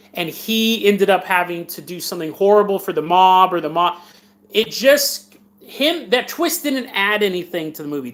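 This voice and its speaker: A man's voice: high voice, fairly bright tone. A man hosting a film podcast, recapping a movie in a rambling, joking way and acting out the characters' lines. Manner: rambling, jokey, acts out quotes in funny voices. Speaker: podcast host reviewing films. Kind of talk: casual movie recap for a live stream audience.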